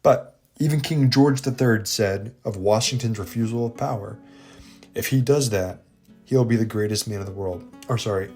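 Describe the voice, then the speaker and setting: A man with a fairly low voice talks through history in a casual, irreverent way, wandering into jokes and asides. Soft guitar music plays faintly behind him. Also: normal speed. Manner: irreverent, digressive, jokey. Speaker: history video host. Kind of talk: casual commentary.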